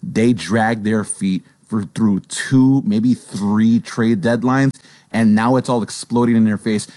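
A man's voice: on the low side, fairly even intonation, slow, a little mellow, dry recording. A man co-hosting a sports talk show, giving blunt, strong opinions in a conversational way.

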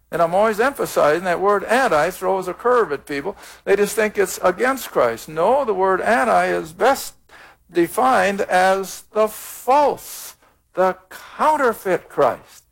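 A man with a high, gravelly voice teaches scripture for a taped program. He reads verses aloud and then explains them in plain, earnest words. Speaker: Bible teacher. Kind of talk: televised Bible teaching.

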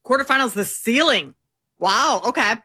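A woman's voice: a little high, animated, normal speed, sharp tone, breathy edge, no room sound. A woman co-hosting a talk show, chatting casually with frequent ums and a self-deprecating manner. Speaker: co-host.

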